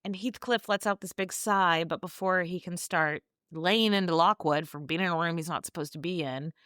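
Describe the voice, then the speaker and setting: A woman's voice: fairly low pitch, normal speed, a bit bright, smooth, no echo. A woman podcast host recapping a classic novel in a breezy, gossipy, irreverent way, with swearing, on a close mic. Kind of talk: casual book recap.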